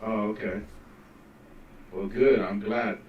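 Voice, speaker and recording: A man's voice: fairly low pitch, steady tone, takes it slowly, breathy edge, muffled recording. A man in casual chat, mostly giving short agreeing replies. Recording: echoey room, off-mic.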